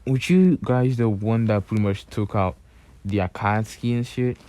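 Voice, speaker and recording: A man's voice: fairly low pitch, fairly even intonation, moderate pace, warm tone, natural voice. A young man doing an arrogant young ninja elite. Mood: incredulous. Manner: arrogant, incredulous.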